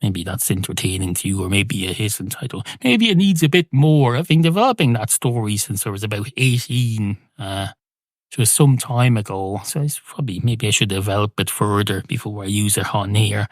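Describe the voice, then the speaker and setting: A man hosting a podcast, telling a rambling comic monologue in a deadpan, self-interrupting way with plenty of swearing. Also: lowish voice, normal speed, dry recording, clean studio sound. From Ireland. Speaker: podcast host and narrator.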